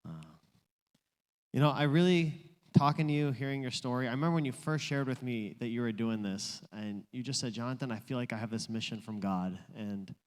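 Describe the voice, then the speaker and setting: A man hosting an interview, asking earnest, measured questions and thanking a guest for the community. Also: mid-range voice, smooth, in a large hall. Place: community office room.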